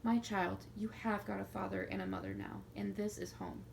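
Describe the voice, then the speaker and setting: Woman doing a gentle motherly schoolmistress, soothing, bit of rasp. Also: medium pitch, sing-song, moderate pace, noisy background. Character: kind motherly headmistress, gentle and warm.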